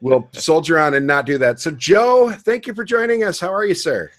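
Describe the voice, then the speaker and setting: A man's voice: fairly high pitch, moderate pace. A middle-aged man hosting a casual game podcast panel, joking and upbeat as he introduces guests. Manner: jokey, upbeat, playful emcee. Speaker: podcast host.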